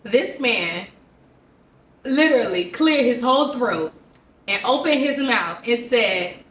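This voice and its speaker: A teacher telling a classroom story in a casual, animated way, quoting herself and the people involved. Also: female voice, a little high, slow, long pauses. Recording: roomy sound from a distant mic.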